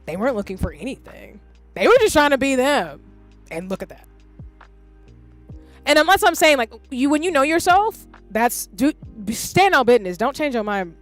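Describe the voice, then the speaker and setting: A woman's voice: high-pitched, big pitch swings, normal speed, soft background music. A woman in her thirties chatting casually on a livestream, rambling and candid and swearing freely. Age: 30s. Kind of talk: casual stream chat.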